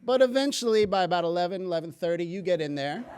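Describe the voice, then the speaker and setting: A man with a fairly high voice speaks to an audience from a stage. He delivers his talk as a story, full of humorous asides, with lively energy. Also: fast talker, slight background noise. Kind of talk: public health talk.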